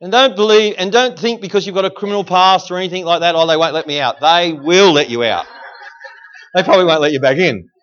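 A man preaching an energetic sermon in a church service, calling out to the congregation for responses. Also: high voice, fairly quick, lo-fi sound. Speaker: guest preacher.

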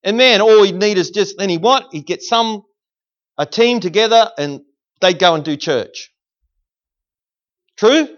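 A man preaches with fire and drives call-and-response with his congregation. His voice sits high for a man. The recording is dull and lo-fi. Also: normal speed. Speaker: guest preacher. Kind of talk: sermon. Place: church service.

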